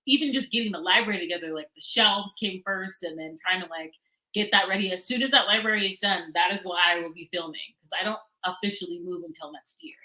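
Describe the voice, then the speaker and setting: Woman with a bright voice gabbing on a livestream, laughs a lot, starts over mid sentence. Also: fairly low pitch, quick pace, low-quality recording. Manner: animated, laughs often, trails off and restarts. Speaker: book blogger and guest co-host. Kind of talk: casual livestream chat.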